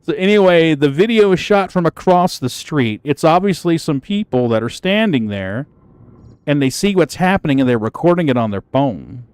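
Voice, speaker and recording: A man casually chatting with his stream viewers, telling a story in an animated, profane way and laughing easily. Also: fairly high pitch, moderate pace, clean tone, no room sound. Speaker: gaming livestreamer.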